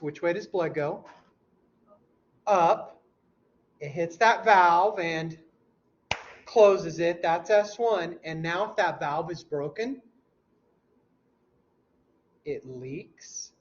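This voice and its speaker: A man teaching a class, quizzing students and mimicking heart sounds out loud, heard in a dull, lo-fi classroom recording. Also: fairly high pitch. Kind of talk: classroom lecture. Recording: dull lo-fi recording with faint hum.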